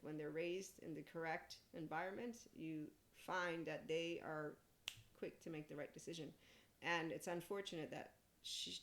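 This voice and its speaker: Low-voiced woman in a rambling monologue. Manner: rambling, frequent laughter, blunt and profane. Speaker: podcast host. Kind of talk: casual spiritual monologue.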